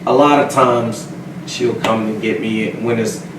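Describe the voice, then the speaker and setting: A middle-aged man speaks in a relaxed interview, animated and often laughing. He sits back from the mic, and his voice carries through a roomy space. Steady background noise sits under everything. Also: fairly low pitch, measured pace. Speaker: guest, realtor. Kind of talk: casual interview chat. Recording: roomy, distant, noisy.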